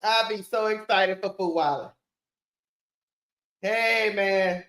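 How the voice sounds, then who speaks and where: A woman hosting a live watch-party stream, calling a basketball game play by play in a casual, animated way and talking straight to her viewers. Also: mid-range voice, takes it slowly. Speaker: sports stream host. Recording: roomy echo.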